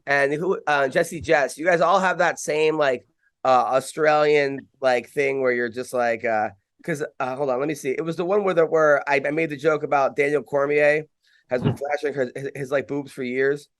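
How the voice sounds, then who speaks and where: Podcast host guy, kinda high voice, dry close sound, rambles and jokes. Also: fairly even intonation, moderate pace, a bit bright, no room sound. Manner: rambling, stumbling, joking. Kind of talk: casual podcast interview.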